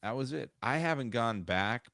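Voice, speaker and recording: A man's voice: medium pitch, animated, moderate pace, fairly bright tone, dry recording, studio quality. A man co-hosting a casual podcast over a remote call, talking in a rambling way with many restarts. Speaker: podcast co-host.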